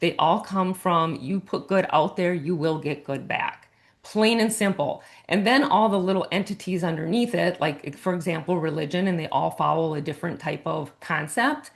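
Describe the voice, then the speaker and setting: Woman, low-pitched voice, coach, casual podcast talk, earnest, meandering. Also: moderate pace. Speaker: guest coach and author.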